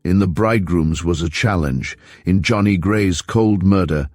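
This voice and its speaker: A man narrating an audiobook in a measured, even storytelling manner. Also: low-pitched, no room sound, studio quality, soft background music.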